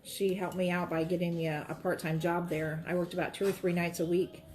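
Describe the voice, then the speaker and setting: A woman's voice: on the low side, little pitch movement, brisk, darkish tone. Chatty woman hosting a craft stream. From Florida. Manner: rambling, chatty, talks to viewers directly. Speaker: quilting livestream host. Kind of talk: casual chat while demonstrating quilting.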